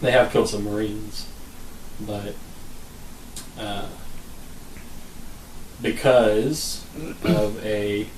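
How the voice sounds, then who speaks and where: Casual male podcast co-host, rambling and relaxed; distant, roomy recording with faint noise. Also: on the low side, extremely slow, long pauses. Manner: rambling, laid-back, trails off with fillers. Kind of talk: casual chat.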